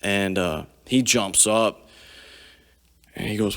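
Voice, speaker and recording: A man's voice: lowish voice, expressive, moderate pace, gravelly, a bit bright. A man in his forties, a podcast guest, telling army stories in a profane, vivid, casual way. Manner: profane, vivid storytelling with frequent swearing. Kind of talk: casual storytelling. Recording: long hall reverb.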